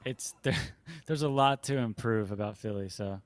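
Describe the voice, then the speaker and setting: A man's voice: lowish voice, moderate pace, no room sound. Laid-back man guest from South Jersey. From South Jersey and Philadelphia. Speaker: musician guest. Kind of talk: casual chat.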